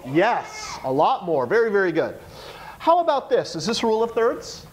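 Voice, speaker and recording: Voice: mid-range voice, expressive, normal speed, poor audio. A teacher giving a classroom lesson, coaxing the students with question after question.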